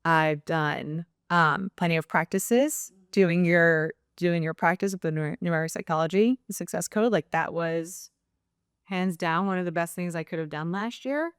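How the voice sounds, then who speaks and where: A young adult woman, a nurse practitioner appearing as a guest in a casual interview, talks openly and reflectively with lots of fillers. Her voice is lowish and clean in tone, at normal speed, with clean studio sound and no room sound.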